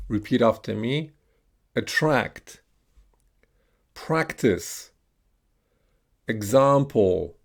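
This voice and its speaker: A man's voice: mid-range voice, gravelly. A man teaching English pronunciation with a British accent, reading out single words one by one for students to repeat. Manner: slow, deliberate enunciation of single words with pauses. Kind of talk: pronunciation lesson with repeat-after-me drills.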